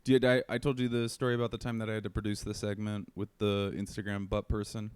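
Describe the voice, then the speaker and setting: A man's voice: lowish voice, little pitch movement, fast talker, darkish tone, smooth, dry recording. Joking man on a podcast, clean dry voice. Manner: rambling, joking, full of fillers. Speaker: podcast co-host and comedian. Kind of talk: casual comedic banter. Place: home.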